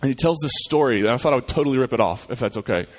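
A man's voice: medium pitch, lively intonation, rapid-fire. A male pastor praying and then preaching, telling a story in a conversational way with frequent restarts. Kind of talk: sermon and prayer.

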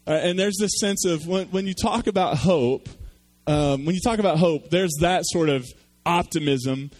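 A man's voice: fairly high pitch, normal speed, a little mellow. A man preaching a sermon, telling a story with self-deprecating humor. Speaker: pastor.

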